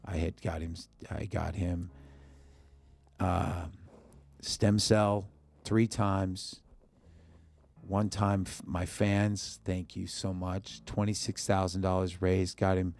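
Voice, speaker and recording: Deep raspy-edged guy on a podcast, musician telling his story in quick bits, acts out the quotes. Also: level tone, darkish tone. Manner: tells a story in short bursts, acting out quoted dialogue. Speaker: musician guest. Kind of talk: emotional personal storytelling in an interview. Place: podcast studio.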